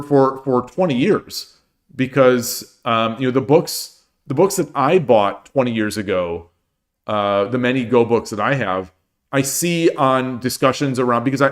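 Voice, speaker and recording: A tired man in his forties chats casually with his stream audience. He rambles, circles back over his own words and jokes at his own expense. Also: medium pitch. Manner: rambling, with frequent restarts and self-deprecating jokes. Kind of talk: casual chat while streaming games.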